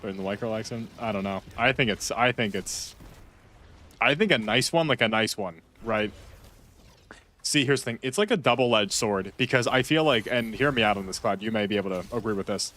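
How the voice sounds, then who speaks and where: Guy streaming a game, kinda low voice, rambles and repeats stuff, yells sometimes. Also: brisk. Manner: rambling, repeats himself, loud outbursts. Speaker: gaming streamer. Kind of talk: casual gameplay chat.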